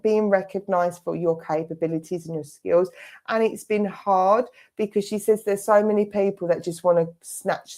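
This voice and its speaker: A woman's voice: mid-range voice, a little mellow. A middle-aged woman gives a clairvoyant reading at a spiritualist service, speaking in a chatty, conversational way. She keeps dropping into little quoted asides as she passes on messages to the person she is reading for. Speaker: spiritualist medium. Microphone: online service stream.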